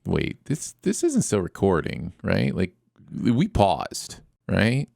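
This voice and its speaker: Sarcastic man with a very lively delivery. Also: low-pitched, slow pace, vocal fry, dry recording, clean studio sound. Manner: sarcastic, mock-outraged riffing. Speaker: narrator of a comedic review show. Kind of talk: comedic voice-over commentary.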